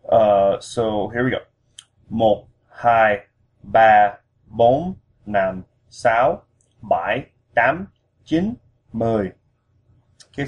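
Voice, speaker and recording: A man giving a patient spoken language lesson, pausing often with fillers as he explains. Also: on the low side, darkish tone. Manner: patient, with frequent fillers and restarts. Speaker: language teacher. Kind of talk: instructional lesson.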